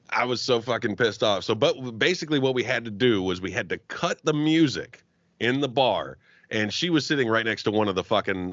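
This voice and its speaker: A man's voice: medium pitch, no echo. A man telling a long, profane story on a podcast and acting out the quotes, a podcast guest chatting casually. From Arab heritage. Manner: profane, animated storyteller who acts out quotes. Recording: dull, dry lo-fi podcast audio.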